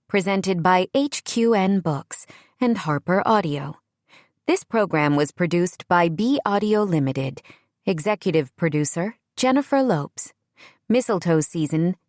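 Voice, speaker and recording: A woman narrating a romance audiobook in a measured storytelling manner on a close studio microphone. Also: fairly low pitch, no room sound. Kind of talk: scripted narration.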